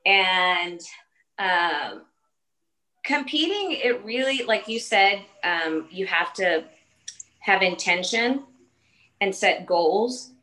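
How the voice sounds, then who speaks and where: A woman in her late forties, a fitness trainer, chats earnestly in a casual podcast interview, talking in short phrases that keep restarting. Her mid-range voice is expressive, bright and forceful, and she goes slowly with frequent pauses. The audio quality is poor.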